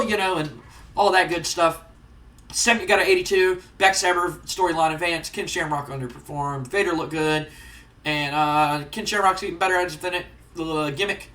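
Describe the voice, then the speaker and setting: A man's voice: sits high, steady tone, sharp tone, recorded from a distance. A man casually recapping results and storylines while playing a wrestling management game. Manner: casual recapping, quick, chatty. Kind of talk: casual let's-play commentary. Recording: roomy, off-mic.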